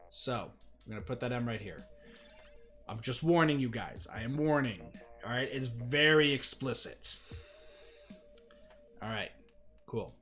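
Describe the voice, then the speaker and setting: A hoarse man streaming a game, telling a story in a rambling, animated way with many restarts. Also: medium pitch. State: hoarse, strained voice.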